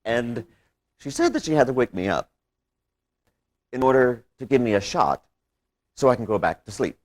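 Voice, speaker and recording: A man performing a one-man stage monologue, theatrical, swinging between loud outbursts and hushed recollection. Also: mid-range voice, very animated, moderate pace.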